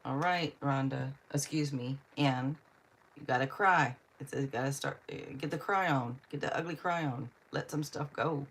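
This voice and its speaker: A woman's voice: a bass voice, moderate pace, slight background noise. A woman giving a live tarot reading, chatting with viewers by name and reading out cards, with frequent laughs. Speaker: tarot reader.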